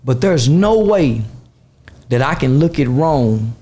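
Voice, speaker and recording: A man's voice: medium pitch, expressive, slow pace, dark tone. A man talking boldly and emphatically as a guest in a casual interview. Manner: bold, boastful, emphatic.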